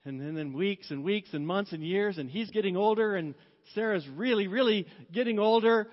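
A man preaching a sermon as pastor, storytelling in a chatty way, laughing often and softening when reflective. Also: high-pitched, normal speed. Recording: dull sound with long hall reverb.

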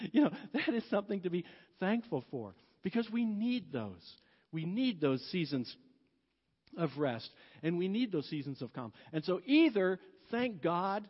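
A man preaching a sermon as pastor, storytelling in a chatty way, laughing often and softening when reflective. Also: high voice. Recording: dull sound with long hall reverb.

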